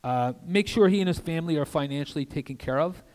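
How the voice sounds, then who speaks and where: An older man preaching an earnest sermon as a guest pastor in a church, with conversational asides and soft drops for emphasis. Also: a little high, quick pace. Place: church sanctuary. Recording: long reverb of a church hall.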